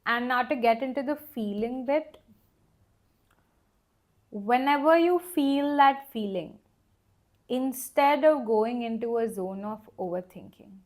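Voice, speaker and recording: A young woman giving a casual tarot reading, talking gently and rambling with lots of fillers and soft laughs. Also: fairly high pitch, takes it slowly, long pauses. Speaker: tarot reader.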